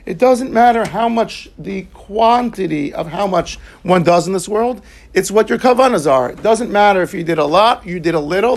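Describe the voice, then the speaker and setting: A man teaching a Talmud class, reading the Aramaic and explaining it line by line in English. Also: sits high.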